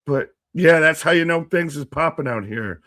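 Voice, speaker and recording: A man's voice: fairly high pitch, moderate pace. Guy riffing on a live wrestling stream, rambly and hyped, talks to the chat. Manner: rambling, animated, jokey asides to chat. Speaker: watch-along co-host. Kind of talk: live wrestling watch-along commentary.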